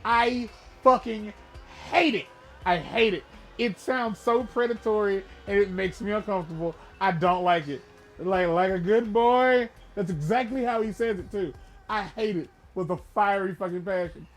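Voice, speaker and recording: A man co-hosting a gaming podcast, casually and profanely retelling a film, with bursts of loud emphasis. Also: high-pitched, normal speed, faint music behind.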